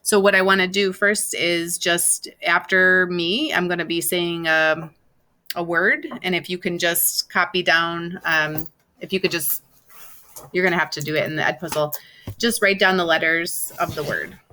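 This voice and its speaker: A woman's voice: fairly low pitch, steady tone, normal speed, bright, forceful tone. A woman teacher giving a recorded online lesson, spelling words out letter by letter and repeating them patiently. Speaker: Spanish teacher.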